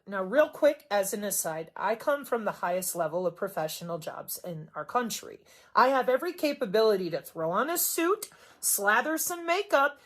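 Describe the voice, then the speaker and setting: Middle-aged woman from the Midwest, solo vlog monologue, sarcastic and emphatic, swears freely, lots of swings in pitch and volume. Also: a bit bright. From Wisconsin, US Midwest. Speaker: vlogger.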